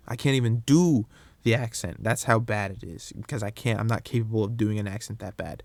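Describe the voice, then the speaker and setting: A young man hosting a solo podcast, rambling through his opinions in a casual, animated way with frequent restarts. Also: lowish voice, a little fast, gravelly, no room sound. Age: young adult. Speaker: podcast host.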